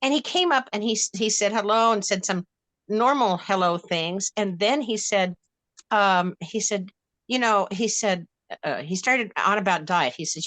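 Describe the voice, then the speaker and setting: A woman's voice: medium pitch, moderate pace, a bit bright, no echo. An older woman telling a story bluntly on a discussion panel, speaking with many restarts and growing heat.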